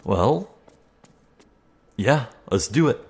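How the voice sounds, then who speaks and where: A man's voice: medium pitch, sing-song, very slow, a little mellow, a little hiss or hum. A young man giving casual, chatty gameplay commentary, thinking aloud and poking fun at himself. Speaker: let's play host. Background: faint game music.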